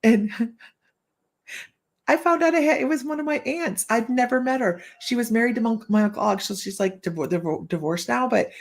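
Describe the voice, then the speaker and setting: A woman's voice: on the high side, a little fast. A woman psychic hosting a live stream from her room at home, chatting casually, telling stories, acting out what people said and laughing often. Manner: chatty storyteller who acts out quotes and laughs often. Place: room at home with the window open.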